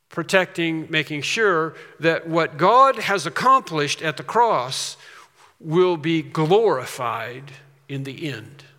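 A man's voice: fairly high pitch, pushed and bright. A man preaching a sermon in an emphatic way, repeating his key phrases. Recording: long reverb of a large hall.

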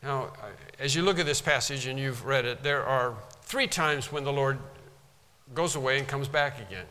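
A man's voice: medium pitch, moderate pace, pushed and bright. A man preaching a sermon, teaching from a Bible passage with emphatic repetition. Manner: emphatic, repeats for stress. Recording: long hall reverb.

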